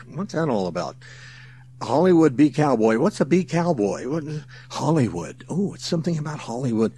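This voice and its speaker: A man's voice: medium pitch, a little mellow. Folksy enthusiastic man hosting a podcast. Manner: folksy, enthusiastic, chuckles often. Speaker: podcast host. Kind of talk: casual podcast monologue.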